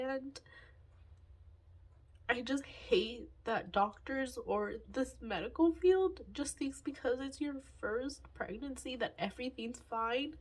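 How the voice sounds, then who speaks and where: Woman, twenties, husky breathy voice, candid vlog talk, sighing, halting. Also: on the high side. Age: 20s. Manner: halting, sighing, many fillers and restarts. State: emotional, close to tears. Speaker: budgeting vlogger.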